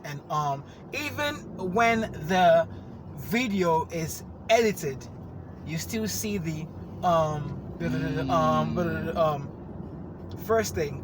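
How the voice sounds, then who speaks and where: A man hosting a casual, unscripted podcast chat, playful and quick to laugh as he riffs. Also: high-pitched, noisy background. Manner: playful, laughs often, drawn-out filler mimicry. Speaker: podcast host.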